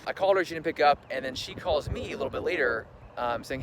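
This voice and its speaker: Quick and mid-range, this young vlogger's voice carries a personal story through loud background ambience. He chats freely, drops "like" everywhere, and plays out each person's words himself.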